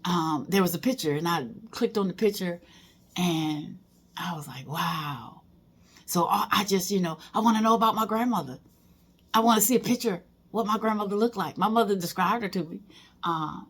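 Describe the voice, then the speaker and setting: A woman's voice: mid-range voice, slightly rough. A middle-aged woman talking casually in a personal vlog, emotional and rambling, with many fillers and restarts. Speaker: vlogger.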